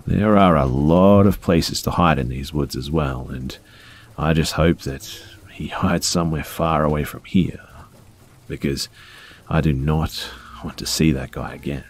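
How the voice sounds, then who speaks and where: A man calmly reading first-person scary stories aloud, in a measured storytelling manner. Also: rumbling low, breathy edge. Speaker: story narrator.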